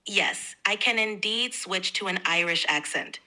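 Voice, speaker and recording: A woman's voice: medium pitch, measured pace, bright, forceful tone, rough recording. A synthetic woman's voice of an AI assistant, polite and upbeat, eager to help.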